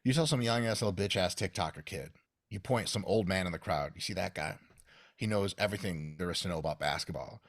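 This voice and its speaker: A man's voice: low voice, fast, no echo, studio quality. A man from Russia talking as a coach on a casual podcast, ranting profanely and acting out mock quotes.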